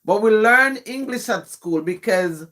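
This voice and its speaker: A woman's voice: medium pitch, expressive, unhurried, fairly bright tone. A woman with a Jamaican accent, a poet on a live stream, reading her poetry and patiently explaining to viewers, often checking in with "yes?".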